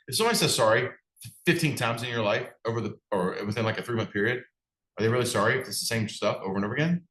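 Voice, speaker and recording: A man's voice: mid-range voice, fairly bright tone, echoey room, rough recording. A man, a business coach, giving a direct, conversational motivational talk and putting questions to his audience. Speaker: business coach for martial arts school owners.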